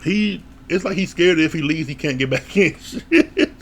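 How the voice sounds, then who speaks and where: Gravelly opinionated man recapping a show. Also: on the high side, fairly quick, slight background noise. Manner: blunt, opinionated, laughs often, swears. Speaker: reality show reviewer. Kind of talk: casual recap commentary.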